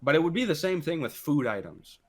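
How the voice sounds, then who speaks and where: A man's voice: a little high, very animated, brisk. A man co-hosting a casual podcast, telling work stories in a rambling way, swearing often and restarting his sentences. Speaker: podcast co-host. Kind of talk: casual chat.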